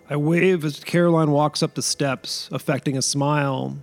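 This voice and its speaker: A man, the author, reading his own short story as first-person narration in a measured, unhurried way. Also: fairly high pitch, fairly even intonation, creaky, faint music behind.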